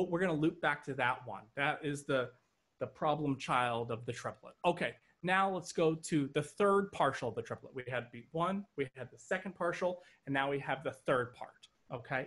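A man's voice: on the high side, a bit bright, a little hiss or hum. A man teaching an online drum lesson over a video call, counting triplets aloud in rhythm and joking now and then. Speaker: drum instructor.

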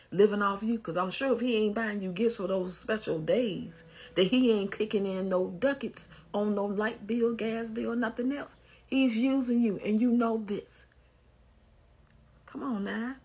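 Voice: medium pitch, darkish tone, breathy edge. An advice commentator, reading a post aloud and giving blunt, scolding commentary in a casual way.

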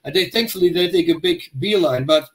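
Animated storytelling man, high voice. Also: fairly quick. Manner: animated storyteller, acts out quotes and dog growls. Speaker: podcast co-host. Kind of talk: casual chat, storytelling.

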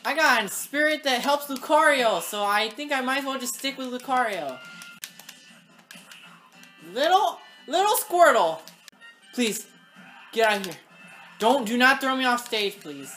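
High-voiced excitable woman gaming. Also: a little slow, pauses often, soft background music. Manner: excitable, talks to the game and yells at opponents. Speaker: gaming channel host. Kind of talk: live gameplay commentary.

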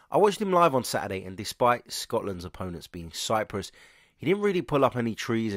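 A man's voice: lowish voice, dry recording, studio quality. A man hosting a football transfer news podcast, talking with a stuffy, congested voice in a chatty, opinionated way. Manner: chatty and opinionated, addresses listeners directly.

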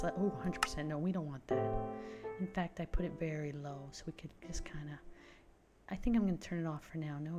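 Gushing young woman gaming commentary. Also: on the low side. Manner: gushing, gasping with excitement. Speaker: let's play gamer. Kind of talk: casual game commentary.

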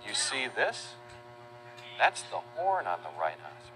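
Male children's teacher, unhurried, very animated sing-song delivery, lowish register. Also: a little hiss or hum. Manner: sing-song and patient, spells words out letter by letter and imitates animal sounds. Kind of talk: slow, simple teaching narration for young children.

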